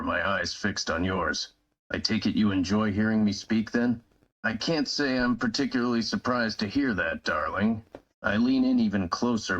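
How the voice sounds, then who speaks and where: A brooding young mercenary, slow, low and possessive, played by a man in a deep, husky voice. The sound is dull and lo-fi, like stream audio. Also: fairly bright tone. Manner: slow, low, intense delivery. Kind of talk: fan role-play reading, first person.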